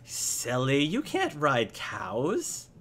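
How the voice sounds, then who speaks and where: A man puts on a small, excitable farm boy, pitched well up and full of eager questions. He talks in a breathless rush, the way a five-year-old would in a tabletop role-play. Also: extremely slow, full character voice. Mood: curious.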